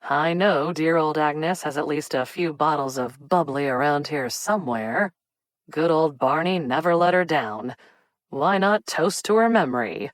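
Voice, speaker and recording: A woman reading an audiobook, voicing a charming, smug young male playboy in a slow, theatrical drawl. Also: rumbling low, animated, no echo. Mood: breezy.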